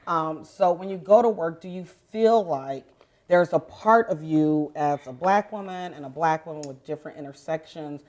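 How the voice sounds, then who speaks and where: A woman's voice: sits low, moderate pace, darkish tone. A woman moderating a panel discussion, affirming the speakers with frequent agreeing interjections.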